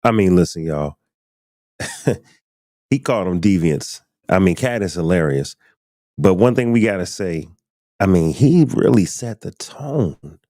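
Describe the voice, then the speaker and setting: Deep, mellow-voiced man hosting live. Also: expressive, measured pace, long pauses, no echo, studio quality. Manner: loose and chatty, addresses viewers directly. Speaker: podcast host. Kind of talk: casual live-stream commentary.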